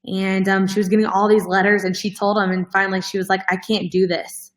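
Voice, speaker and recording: A woman host talks straight to her followers in a casual, heartfelt way. She is earnest and emotional, close to tears at moments, and her speech is full of fillers. Her pitch is in the middle range for a woman. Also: little pitch movement, fast, rough recording. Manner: earnest, heavy use of "like" as filler. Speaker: host of a fitness coaching show.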